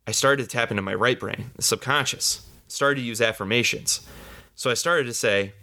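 A man's voice: fairly low pitch, normal speed, bright, forceful tone. A man in his mid-thirties hosting a podcast, talking earnestly and casually through a self-help topic, often repeating himself. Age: 30s. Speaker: podcast host.

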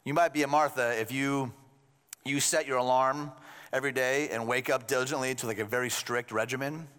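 A man's voice: medium pitch, steady tone, a little fast, a bit bright, smooth. A male pastor preaching a sermon in a conversational way, with joking asides to the congregation. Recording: long hall reverb.

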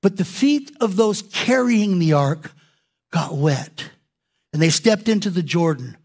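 High-voiced animated male preacher. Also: a little slow. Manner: animated, acts out quoted prayers and voices. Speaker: pastor. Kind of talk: sermon.

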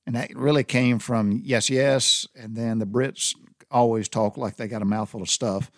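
A man's voice: medium pitch, fairly even intonation, moderate pace, dry recording, studio quality. A man with a Southern US accent, a Navy veteran rambling casually through sailor slang with many restarts. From Southern United States. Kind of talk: casual spoken monologue.

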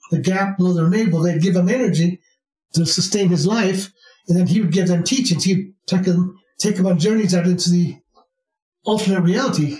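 Rambling man, high voice, roomy. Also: darkish tone, far from the mic. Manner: rambling, frequent restarts and fillers. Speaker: spiritual teacher. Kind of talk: casual storytelling talk. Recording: roomy sound, from off mic.

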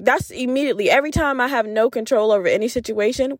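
A woman hosting a podcast, telling a story in a casual, animated way and acting out the voices she quotes, laughing often. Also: high voice, fast, few pauses, no echo, clean studio sound. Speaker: podcast host.

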